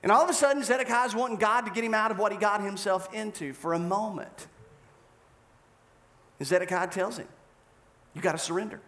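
A male pastor preaching a sermon, telling a story with animated delivery and acted-out scenes. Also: high-pitched, fairly quick.

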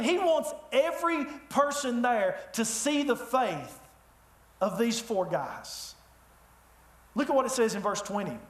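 A man preaching a sermon in a church, telling the story with lively humor. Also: very high voice. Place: church sanctuary. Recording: echoey room.

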